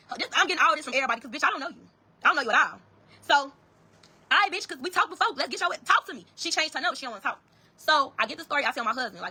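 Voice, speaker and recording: A woman's voice: high-pitched, lively intonation, rapid-fire, sharp tone, slightly rough. A woman telling a story to her viewers in a casual, profane, emphatic way, often calling out to "y'all".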